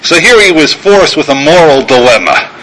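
A man's voice: a little high, very animated, moderate pace, pushed and bright, a little hiss or hum, poor audio. An older man, a rabbi, giving a talk and telling a story in a self-deprecating, storytelling manner, acting out the characters. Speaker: rabbi and guest lecturer. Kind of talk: sermon-style talk with anecdote.

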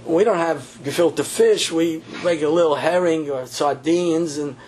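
Poor, apologetic housewife, slow and halting, as a man puts her on. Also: on the high side, darkish tone, lightly acted. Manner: hesitant, self-deprecating.

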